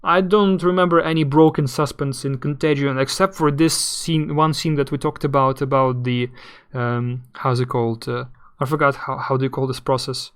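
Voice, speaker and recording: Halting, word-searching man streamer. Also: mid-range voice, fairly even intonation, a bit bright, clean tone. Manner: rambling, halting, searching for words. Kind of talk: casual live game commentary.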